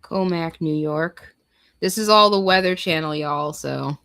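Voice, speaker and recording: A woman's voice: low-pitched, unhurried, a bit bright. A woman hosting a casual livestream, chatting with viewers and reading weather forecasts aloud. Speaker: livestream host.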